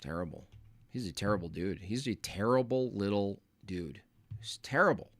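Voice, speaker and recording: A man's voice: on the low side, lively intonation, moderate pace. A man hosting a casual livestream, reacting to videos and reading viewer messages in an exasperated, rambling, slangy manner. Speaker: streamer reviewing videos.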